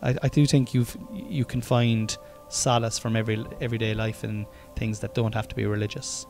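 A man's voice: fairly low pitch, little pitch movement, a little fast, a little mellow, faint music behind. A man in his forties with an Irish accent, hosting a casual podcast chat, rambling with many restarts and the odd curse. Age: 40s. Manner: rambling, swearing, stop-start sentences. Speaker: podcast host.

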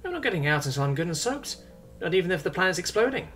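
A man's voice: sits high, very animated, rapid-fire, a bit bright, faint music behind, pitched above the performer's own voice. A man voicing a blunt, stubborn young woman. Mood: insistent. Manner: blunt, stubborn, matter-of-fact. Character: brisk, unflappable young woman governor.

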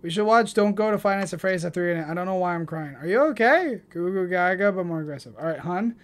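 A woman's voice: fairly low pitch, lively intonation, fast talker. A nineteen-year-old woman streaming, chatting casually and affectionately with her audience and partner. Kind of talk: casual livestream chat.

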